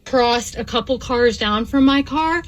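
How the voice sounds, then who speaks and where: A woman's voice: on the high side, measured pace, rough recording. A woman recounting a personal run-in to camera, emphatic and indignant, repeating her points.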